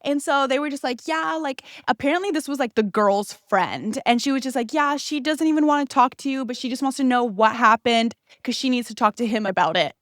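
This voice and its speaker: A young woman hosting a podcast, telling a story in a casual, animated way, swearing freely and acting out the people she quotes. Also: high voice, fairly quick, hardly any pauses, no echo, studio quality. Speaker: podcast host.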